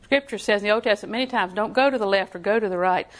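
A woman's voice: mid-range voice, very fast. A woman preaching a sermon in a folksy, emphatic way, often putting questions to her listeners.

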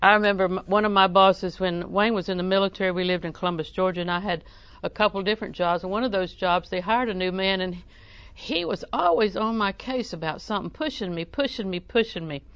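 A middle-aged woman preaches, folksy and full of humor, chuckling often and sometimes breaking into loud acted cries. Her voice sits in a middle register. The sound is dry and close, with no room echo. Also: medium pitch, a little fast, hardly any pauses, smooth. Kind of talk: sermon.

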